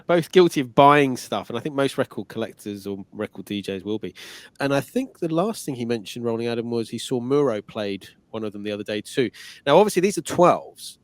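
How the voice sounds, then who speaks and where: A man's voice: mid-range voice, lively intonation, fairly quick, dry recording. A man hosting a casual talk show, asking chatty, enthusiastic questions. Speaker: show host. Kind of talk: casual interview.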